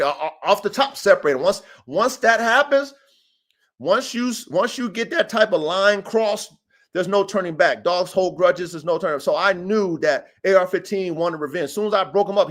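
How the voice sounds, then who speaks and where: Man, casual livestream host, animated storytelling, profane, slightly high voice. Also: normal speed. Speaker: dog breeder and podcast host. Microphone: streaming setup.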